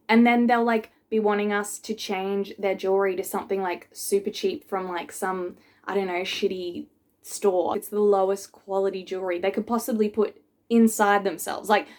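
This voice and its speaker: A young woman who works as a piercer reacts to memes in a casual vlog, animated and sarcastic, often slipping into mocking voices. Her pitch is medium.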